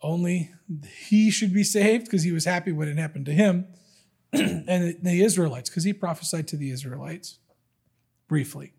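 A man's voice: high voice, moderate pace, creaky, darkish tone, husky. A man preaching a sermon in an earnest, emphatic way, repeating key words for weight.

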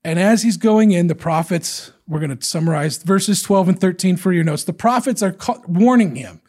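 Animated, husky-voiced male preacher. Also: sits high, moderate pace. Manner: animated, acts out quotes from scripture in different voices. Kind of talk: sermon.

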